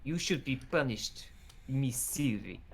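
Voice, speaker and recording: A man's voice: medium pitch, expressive, slow pace, a little hiss or hum. A man voicing a scheming, suspicious Russian man with a put-on Russian accent, in improvised comedic role-play on a stream.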